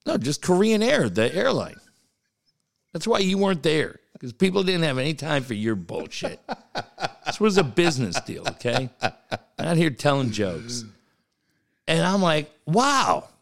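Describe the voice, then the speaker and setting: A middle-aged man co-hosting a podcast, telling stories in casual chat, animated and profane, often laughing as he talks. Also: fairly high pitch, measured pace, creaky, long pauses. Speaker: podcast co-host.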